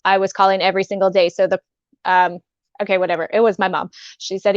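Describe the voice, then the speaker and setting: A woman guest on a talk show telling a painful personal story, halting and emotional, with many restarts. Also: mid-range voice, little pitch movement, clear, resonant tone, dry recording. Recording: dull dry sound.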